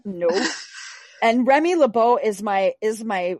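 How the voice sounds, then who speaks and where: A woman's voice: mid-range voice, lively intonation, measured pace, a little mellow, no room sound. A woman hosts a casual podcast chat, blunt and emphatic, and she swears freely. Her voice sits in the middle range for a woman. The recording is dry, with little room sound. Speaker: podcast host.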